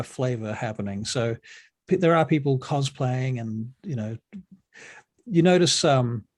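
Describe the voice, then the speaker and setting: A man running a tabletop role-playing game as game master, narrating in a relaxed way with many ums. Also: medium pitch. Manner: relaxed, full of ums and uhs.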